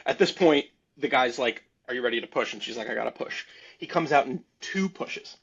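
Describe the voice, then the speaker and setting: A man's voice: mid-range voice, lively intonation, brisk, vocal fry, fairly bright tone, husky. A man on a podcast telling a story casually and animatedly, rambling and laughing between lines. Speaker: podcast guest. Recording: dull lo-fi sound.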